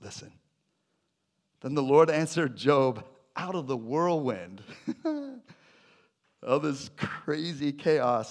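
A man preaching a sermon to his church, animated and jokey, with sudden loud bursts. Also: fairly high pitch, very slow, long pauses. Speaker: pastor.

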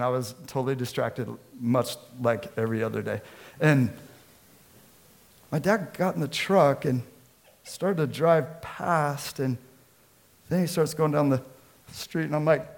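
A man, a pastor from the Seattle area, preaching a sermon with lively storytelling and acted-out quotes. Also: on the high side, creaky. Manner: storytelling, animated, acts out quotes.

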